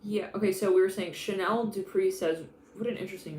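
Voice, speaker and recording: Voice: medium pitch, fairly even intonation, a little fast, a bit bright. Live tarot reader with a rambling, laugh-filled delivery, recorded in a roomy space with faint noise. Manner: rambling, chatty, laughs often, restarts mid-thought. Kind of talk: live intuitive tarot reading.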